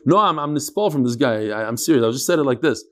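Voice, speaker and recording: A man teaching a lively Talmud class, joking with his students and mixing in Hebrew and Yiddish terms. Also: medium pitch, fast.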